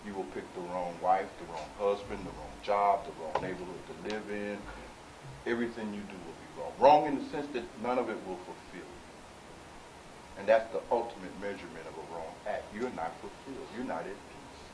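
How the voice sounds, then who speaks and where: Emphatic male preacher in an echoey room. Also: normal speed. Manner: emphatic, swings from low asides to loud exhortation; conversational, addresses listeners directly. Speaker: spiritual teacher. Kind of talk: preaching lecture with audience questions. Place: meeting room with live audience. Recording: echoey room, faint hiss.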